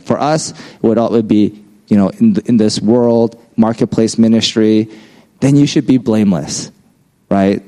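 A man's voice: medium pitch, warm tone, rough recording. A man giving a casual, conversational sermon, often checking in with "right?". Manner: conversational, frequent "right?" tags. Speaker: preacher.

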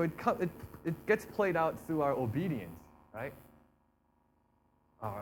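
Young guy preaching casually, voice a bit high, slight hum behind, keeps saying you know. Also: low-quality recording. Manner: conversational, acts out imagined prayers and complaints; frequent fillers like "you know" and "right". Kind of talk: sermon.

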